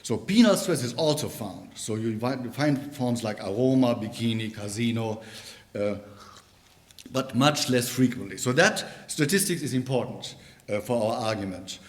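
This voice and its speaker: Man giving a halting linguistics talk. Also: medium pitch, lively intonation. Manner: halting, with many fillers and restarts. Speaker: linguistics lecturer. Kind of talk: academic conference talk. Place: university lecture room.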